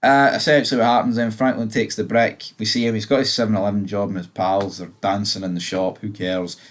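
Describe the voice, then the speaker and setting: A man's voice: on the low side, little pitch movement, fairly quick. A man giving a casual, rambling TV episode review, blunt and swearing freely.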